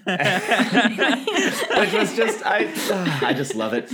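A man co-hosting a podcast in casual chat, amused and laughing often, slowing down when he quotes lines. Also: high voice, huge pitch swings, over a noisy crowd. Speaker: podcast co-host.

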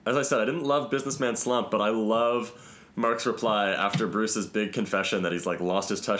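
A man co-hosting a podcast in casual chat, animated and laughing often, jumping high in pitch when he quotes lines. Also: fairly quick. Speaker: podcast co-host.

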